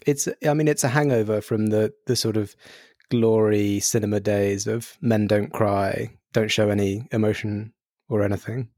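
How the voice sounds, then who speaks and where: A man hosting a casual podcast interview, speaking slowly and thoughtfully, with hesitant phrasing. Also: on the low side, fairly even intonation, a little mellow, no echo, studio quality. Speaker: podcast host.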